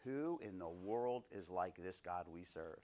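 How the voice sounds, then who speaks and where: A man's voice: low-pitched, lively intonation, unhurried, dark tone. A man in his thirties leading a Bible study, preaching conversationally through personal stories and often asking his listeners "right?".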